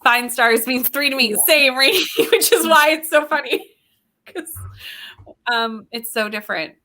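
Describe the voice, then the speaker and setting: Stream co-host, woman, bright tone, giggly, quotes friends in voices. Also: high-pitched, measured pace. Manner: chatty and giggly, acts out quotes. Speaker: co-host of a livestream reading sprint. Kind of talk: casual chat.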